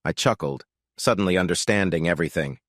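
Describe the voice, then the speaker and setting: A man narrating a first-person story in a steady, scripted way. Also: sits low, quick pace, no room sound, studio quality.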